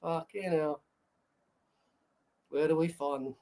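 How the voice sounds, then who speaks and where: A man's voice: on the high side, fairly even intonation, takes it slowly, heavy background noise. A man hosting his own live stream, chatting loosely to his viewers. He rambles through a story, swears freely and laughs a lot as he talks. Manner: rambling, sweary, laughs often, tells stories. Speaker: livestream host. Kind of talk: casual live-stream chat.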